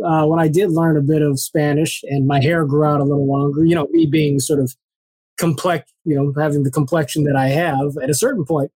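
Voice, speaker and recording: A man speaking as an interview guest in a reflective, measured way with many fillers. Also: fairly high pitch, darkish tone, no room sound. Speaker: guest, former congressional candidate. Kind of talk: reflective conversational storytelling.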